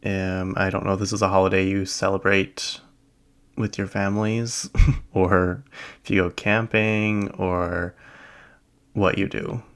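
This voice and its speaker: A man's voice: sits low, level tone, measured pace, a bit bright, smooth. A young adult man hosting a solo podcast, chatting casually and rambling with lots of filler words and small laughs. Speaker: podcast host.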